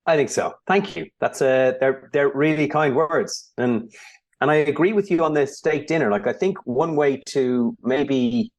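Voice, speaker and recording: A man, a founder who is a guest on a podcast, telling stories in a relaxed way and often restarting his sentences. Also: mid-range voice, measured pace. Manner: relaxed storytelling, many restarts. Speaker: whiskey brand founder, guest. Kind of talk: casual interview chat.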